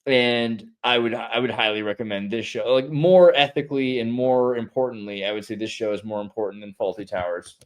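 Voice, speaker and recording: A man's voice: medium pitch, fairly even intonation, brisk, hardly any pauses. Rambling, opinionated man chatting casually. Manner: rambling, opinionated, swings from quiet to loud. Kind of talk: casual chat.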